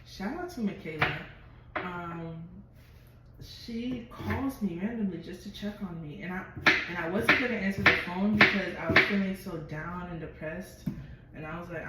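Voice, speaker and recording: A woman vlogger telling a personal story in a chatty, expressive way and swearing freely. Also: lowish voice, moderate pace, far from the mic. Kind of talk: casual storytelling to camera. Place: at home. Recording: very echoey room, voice from afar, noisy.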